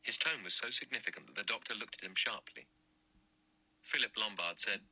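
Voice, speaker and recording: Man, audiobook narrator, deep, husky, very bright tone, measured. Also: no room sound, low-quality recording. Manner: even, measured reading. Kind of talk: scripted narration.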